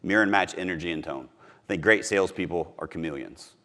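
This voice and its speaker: A man's voice: deep voice, fast, fairly bright tone. Punchy man coaching on sales. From Missouri. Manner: punchy, emphatic, repeats key phrases. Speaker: podcast host teaching sales. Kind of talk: motivational talk to an audience.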